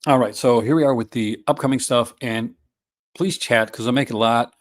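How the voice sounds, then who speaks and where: A man's voice: mid-range voice, normal speed. A man hosting a casual live stream, talking enthusiastically with many fillers and restarts. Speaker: host.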